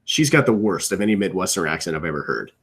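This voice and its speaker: A young man co-hosting a podcast from his computer at home, riffing in casual chat with strong opinions and rambling asides that trail off low. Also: sing-song, fast, a bit bright. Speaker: podcast co-host. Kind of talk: casual wrestling riff commentary.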